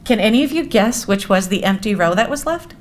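A woman, around her forties, giving a storytelling speech at a gala, animated and self-mocking, turning often to the audience with asides. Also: mid-range voice, brisk, slight background noise. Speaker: speaker at a gala. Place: event hall.

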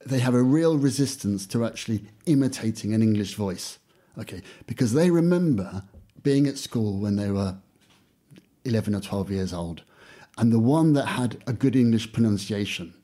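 A male English teacher chatting in an interview with a low, mellow voice. He tells his stories with animated acted-out exchanges, and a slight husk runs through his speech. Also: moderate pace. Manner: animated storytelling, acting out classroom exchanges, many "you know" fillers. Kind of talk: casual interview conversation.

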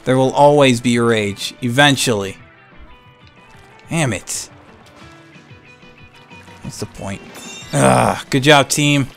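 A young man giving live gameplay commentary, excitable and swinging between hype and frustrated ranting. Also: mid-range voice, slow pace, creaky, long pauses, soft background music. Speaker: gaming channel host.

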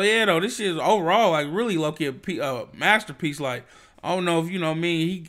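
A young man hosting a music reaction, talking in a loose, slangy, rambling way and bursting into excited shouts. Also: a little high. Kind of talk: casual reaction commentary.

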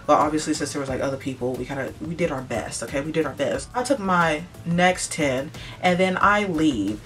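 A woman's voice: deep voice, a little fast, faint music behind. A young woman telling a casual storytime vlog, chatty and full of "like", acting out what other people said. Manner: chatty, peppered with "like" and "blah blah blah"; animated, acts out other people's lines. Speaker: vlogger.

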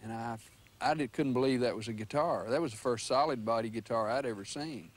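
A man's voice: mid-range voice, brisk, heavy background noise. A former bandmate in his fifties, a man, reminiscing earnestly in an interview.

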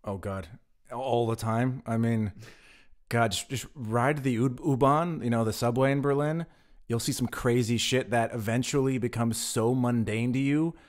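An American man speaks as a guest in a casual conversation. His voice sits at a middle pitch, and he tells stories at length, often stumbling over the first words of a sentence. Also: moderate pace. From United States. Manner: chatty storyteller, repeats words when starting sentences. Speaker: podcast guest. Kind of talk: casual chat.

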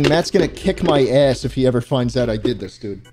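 A young man giving crude, excitable gameplay commentary and yelling at the game. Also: mid-range voice, fairly quick, hardly any pauses, music in the background. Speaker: streamer.

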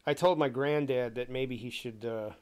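A man talking casually and profanely on a stream, telling animated stories. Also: mid-range voice, normal speed, clean tone. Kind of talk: casual rant.

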